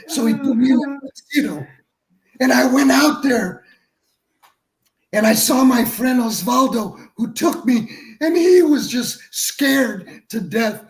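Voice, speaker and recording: Older male guest with a very high voice, storytelling, doing the other characters' lines. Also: animated, normal speed, roomy sound, rough recording. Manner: acts out the people he quotes. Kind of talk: telling an anecdote on a talk show.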